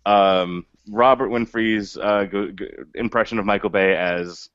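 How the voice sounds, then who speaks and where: A man co-hosting a podcast, chatting casually through a movie review, animated, laughing often and restarting his sentences. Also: on the low side, measured pace, smooth, no room sound. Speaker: podcast co-host. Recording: dull lo-fi dry audio.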